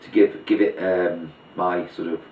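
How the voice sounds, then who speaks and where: A magician from Liverpool, England, speaks in a low, fairly even, slightly slow voice while teaching a card trick, chatting and explaining each move with the cards in hand. He's far from the mic in a roomy space, and the tutorial's recording is dull and muffled with a faint hiss or hum.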